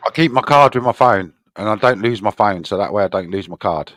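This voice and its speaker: A man's voice: lowish voice, brisk, a bit bright, no room sound. A man in a casual chat, laid-back, swearing casually and laughing along.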